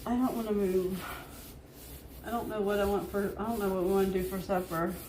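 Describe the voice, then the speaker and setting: A woman's voice: mid-range voice, fairly even intonation, fairly quick, dark tone, a little hiss or hum. A woman chatting casually on a livestream from her living room, talking to her dogs and laughing often. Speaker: livestream host. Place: living room being painted, indoors.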